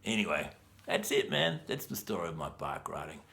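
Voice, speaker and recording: A man's voice: low voice, big pitch swings, normal speed, vocal fry, fairly bright tone. An Australian man, an English teacher, telling a true story in a laid-back, rambling way, full of "man" and "you know". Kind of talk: casual storytelling.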